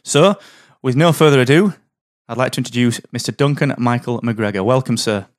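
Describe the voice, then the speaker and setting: An upbeat man opens his business podcast and welcomes a friend as his guest in a chummy, brisk way. He sounds close to the mic, with a dry, clean sound and no room echo. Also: medium pitch. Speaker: podcast host. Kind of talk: podcast interview hosting.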